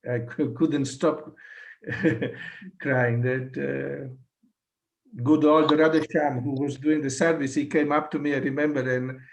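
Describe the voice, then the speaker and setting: Italian-accented man, 60s, slow and gravelly, halting storyteller on a video call. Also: mid-range voice, steady tone, slight background noise. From Italy. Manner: halting, with many fillers and restarts. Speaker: satsang guest. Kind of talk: personal storytelling.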